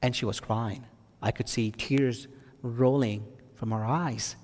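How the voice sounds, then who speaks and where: A man's voice: medium pitch, steady tone, slow pace, darkish tone, long reverb tail. A man from Texas telling a testimony as a sermon, with many restarts and fillers, rising to emphatic preaching.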